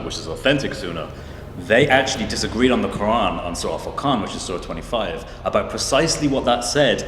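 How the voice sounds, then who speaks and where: A man giving a measured, lecturing debate answer. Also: on the low side, a bit bright, reverberant, in a large hall, a little hiss or hum.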